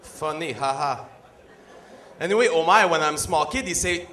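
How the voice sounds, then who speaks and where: Stand-up comic, Quebec French accent, broken English, bright voice, echoey hall. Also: male voice, on the high side. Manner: broken English, slow deadpan delivery. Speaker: stand-up comedian. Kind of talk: stand-up routine. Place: comedy stage.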